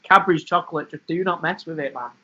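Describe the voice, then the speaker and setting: A man's voice: a little high, fast, bright, forceful tone. A man co-hosting a podcast, chatting casually and joking between anecdotes. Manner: joking, laughs between lines. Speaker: podcast co-host. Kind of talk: casual chat. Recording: dull lo-fi recording.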